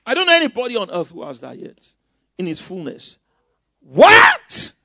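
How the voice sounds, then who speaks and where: A man preaching a sermon as pastor, with bursts of loud emphasis and mocking asides. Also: high voice, wildly swooping pitch, fast talker, gravelly, dry recording, clean studio sound.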